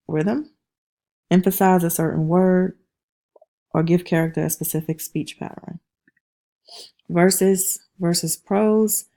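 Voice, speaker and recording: A woman's voice: lowish voice, gravelly, warm tone. A woman teaching a class who keeps checking in with "okay?" and taps out rhythms aloud. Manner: checks understanding with repeated "okay?". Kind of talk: classroom lecture.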